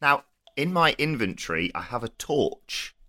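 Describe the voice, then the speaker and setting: A man's voice: medium pitch, very animated, a little slow, pushed and bright. A man playing a tabletop game with friends, playful and jokey. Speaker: player. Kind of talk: tabletop role-play chat.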